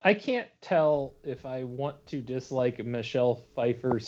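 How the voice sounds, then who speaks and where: A man's voice: medium pitch, lively intonation, a little slow, darkish tone, slight background noise. A man co-hosting a casual podcast, joking dryly about movies. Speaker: podcast co-host. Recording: dull lo-fi audio.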